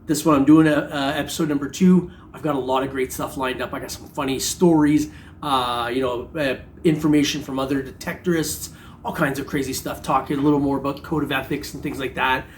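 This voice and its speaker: In this vlog a middle-aged man chats casually about metal detecting, joking around and rambling with lots of fillers. His voice is medium-pitched and steady, a little fast, and the recording carries a little hiss or hum.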